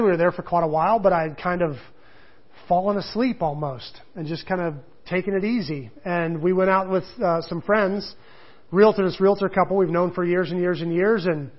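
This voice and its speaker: Man, pastor, high voice, rambling sermon storytelling, animated, dull lo-fi sound. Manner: rambling, animated, many restarts. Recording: muffled lo-fi recording.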